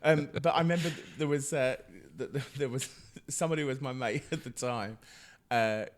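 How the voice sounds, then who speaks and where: An animated middle-aged man talks as a podcast guest. His voice sits at a middle pitch, and he laughs between phrases and trips over his restarts. The talk is loose and casual. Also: a little fast. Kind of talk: casual chat.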